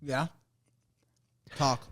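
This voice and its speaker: A man's voice: drawn-out words, a bit bright, no echo. Agreeable male podcast co-host, dry sound. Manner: agreeable, short replies. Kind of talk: casual chat.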